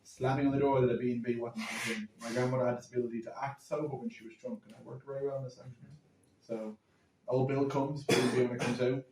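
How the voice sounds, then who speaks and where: A man's voice: mid-range voice, little pitch movement, background noise. A young Irish man on a podcast, spinning a comic family anecdote with dramatic asides. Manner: rapid, dramatic storytelling with asides. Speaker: guest storyteller. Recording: roomy, distant phone recording.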